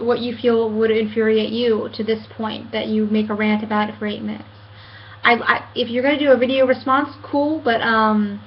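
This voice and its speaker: A woman in her late twenties rants to camera from home about being misunderstood, earnest and halting, with many fillers and restarts. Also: on the high side, dull audio, a little hiss or hum. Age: 20s. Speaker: vlogger. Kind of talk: casual rant to camera.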